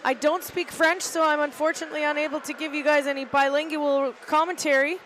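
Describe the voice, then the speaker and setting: A middle-aged woman, a team parent, giving relaxed, chatty play-by-play from an arena balcony, with fillers and hesitations. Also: sits high, a little fast, a little hiss or hum. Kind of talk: amateur live sports commentary. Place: arena balcony overlooking ice rink.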